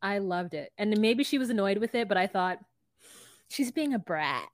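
A woman's voice: medium pitch, animated, moderate pace, no room sound. A woman co-hosting a podcast, retelling a scene in casual chat and acting out both sides of it. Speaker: podcast co-host.

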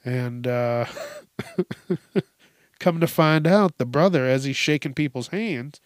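A man's voice: medium pitch, takes it slowly, long pauses, dry recording, studio quality. A young man giving casual commentary on reader stories, swearing freely and laughing as he vents in mock outrage. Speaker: story commentator.

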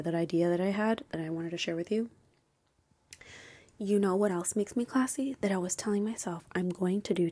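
Young woman vlogging, super gushy and excited, husky breathy voice, keeps dropping to whispers. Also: mid-range voice. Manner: gushing and excitable, often drops to a whisper. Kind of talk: casual chat.

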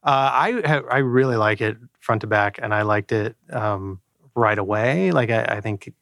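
In a shared recording room, a male podcast co-host with a lowish, fairly bright voice speaks at a moderate pace, with clean studio sound and no echo. He rambles through casual chat, full of fillers and restarts.

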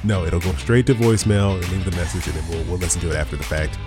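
A man's voice: low-pitched, racing, over music. A man hosting a podcast in casual chat, laid-back and teasing, laughing often. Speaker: podcast host.

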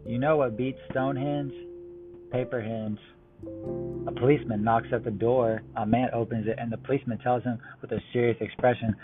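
Deadpan man telling jokes over a tinny line. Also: medium pitch, a little fast. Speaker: joke teller. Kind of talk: reading one-liner jokes. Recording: tinny phone-like line with music behind. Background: music.

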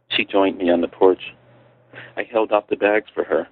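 Low-voiced man reading his memoir. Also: steady tone, moderate pace, no echo. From Chicago. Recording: tinny phone-line radio audio.

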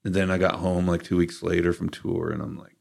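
A middle-aged man with a low, gravelly voice tells his story candidly as a studio guest. His delivery is casual and conversational, and it grows animated when he voices his own past thoughts. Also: a little fast. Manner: candid, animated in quoted asides. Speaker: guest, rock guitarist.

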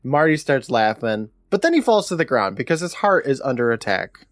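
A man co-hosting a podcast, reading through his recap notes with a wry, deadpan edge and laughing often along the way. His pitch swings lively up and down as he retells the scenes. The sound is dry and close. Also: fairly quick, dry recording. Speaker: podcast co-host recapping an episode. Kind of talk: casual chat, recapping from notes.

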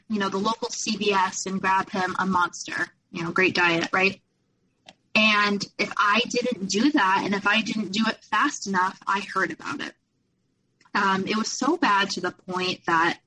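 Candid woman guest, crisp bright voice, storytelling. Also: mid-range voice, slight background noise, low-quality recording. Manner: candid, animated when quoting others. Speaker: podcast guest, abuse survivor. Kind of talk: personal storytelling in an interview.

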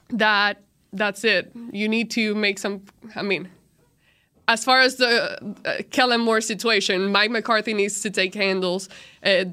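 A woman's voice: mid-range voice, sharp tone. A woman on a sports radio panel, giving her opinions in casual talk and thinking aloud with restarts.

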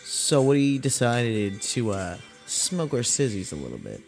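Young man, mid-pitched, casual and foul-mouthed, tells stories with lots of energy. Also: a little slow, gravelly, faint music behind. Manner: profane, animated retelling with acted-out quotes. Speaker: podcast host. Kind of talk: casual storytelling rant.

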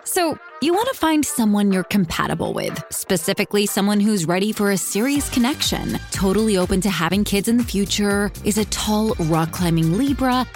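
A woman reading a scripted sponsor ad in an upbeat, polished way. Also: mid-range voice. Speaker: ad reader. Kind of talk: scripted ad read.

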